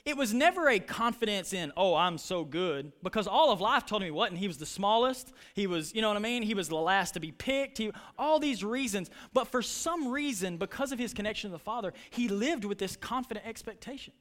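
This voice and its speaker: A man's voice: sits high, expressive, a little fast, hardly any pauses, fairly bright tone. A man preaching a sermon as pastor, telling stories and acting out lines with passion. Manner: impassioned preaching, retelling stories with voices.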